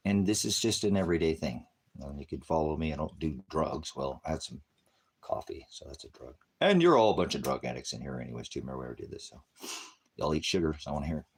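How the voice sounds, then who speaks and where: A man with a deep, husky voice delivers a profane religious rant. He talks in a combative, rambling way, swerving between shouts and mutters. His pitch swings widely as he goes. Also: sing-song, fast talker. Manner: rambling, combative, swears heavily; sudden shouted bursts, drops to mutters. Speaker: independent ministry preacher.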